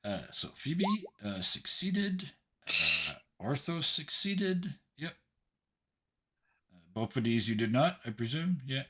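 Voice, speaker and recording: A man narrating as game master of a tabletop game in a halting, descriptive way. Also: medium pitch, sing-song, sharp tone, slightly rough.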